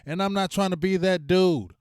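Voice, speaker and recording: A man chats casually to his livestream audience, loose and slangy, breaking into loud shout-outs and venting. His voice is smooth and resonant. The sound is dry and close to the mic. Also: sits high, normal speed, dry recording. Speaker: sports talk stream host.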